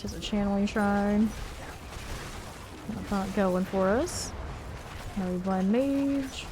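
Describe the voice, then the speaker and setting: A woman with a voice on the high side streams a game over a noisy background, talking casually with viewers, reading chat aloud, and laughing frequently.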